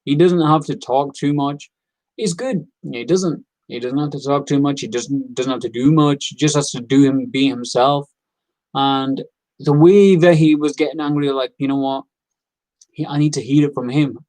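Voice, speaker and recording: A man's voice: medium pitch, moderate pace, darkish tone, no room sound, low-quality recording. A man giving a casual, opinionated wrestling review, rambling with fillers and repeats. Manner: acts out quoted lines in character.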